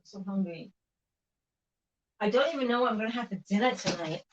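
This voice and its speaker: A woman's voice: fairly high pitch, expressive, very fast, dull audio, background noise. A middle-aged woman hosting a casual livestream, reading viewer comments aloud and chatting while she chops vegetables, laughing often and sometimes talking with food in her mouth. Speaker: vlog host reading live chat.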